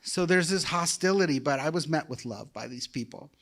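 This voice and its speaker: A man's voice: fairly high pitch, animated, a little fast, fairly bright tone. A man, telling his conversion story in a sermon, emotional and conversational. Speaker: guest preacher. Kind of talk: personal testimony sermon.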